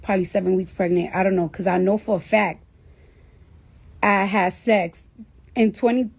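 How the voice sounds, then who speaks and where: A woman with a mid-range, slightly mellow voice tells her livestream viewers a personal story. It's casual and rambling, she swears, and "like" turns up constantly.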